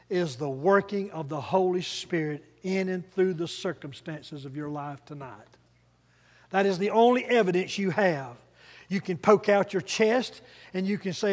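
High-voiced preacher in a reverberant hall. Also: male voice, darkish tone. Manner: emphatic, has congregation repeat phrases. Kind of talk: sermon.

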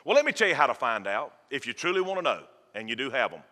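A man's voice: mid-range voice, big pitch swings, quick pace, bright, forceful tone. A man preaching a sermon in a church, folksy and fervent, joking with the congregation. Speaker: pastor. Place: church sanctuary. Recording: long church reverb.

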